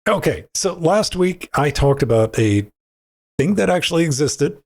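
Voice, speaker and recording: A man's voice: a little high, expressive, normal speed. A man co-hosting a gaming podcast in loose, rambling banter, swearing casually and restarting his sentences. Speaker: podcast co-host.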